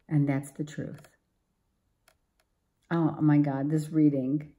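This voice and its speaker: A woman's voice: sits low, mellow. A woman giving a tarot reading to viewers, emphatic and exclaiming, often repeating herself. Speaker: tarot reader.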